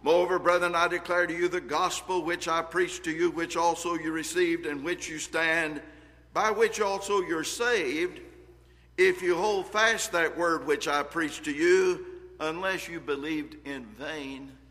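A man's voice: a little high, unhurried, bright, forceful tone, big-room sound. A man preaching a sermon, reading scripture aloud with earnest emphasis and shifting volume.

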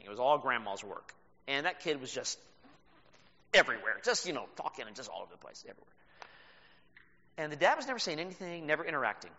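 Animated pastor preaching in a hall. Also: male voice, fairly high pitch. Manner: storytelling, animated with laughs. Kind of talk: sermon. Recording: reverberant hall, dull sound.

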